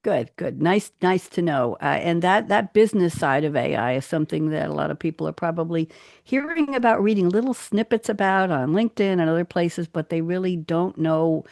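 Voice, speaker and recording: This is a woman hosting a live talk show. She is chatty and upbeat, with a gravelly, creaky texture to her voice, and the sound is dry and close. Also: on the low side, animated, a little fast, a little mellow, no room sound. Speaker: host. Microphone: studio microphone.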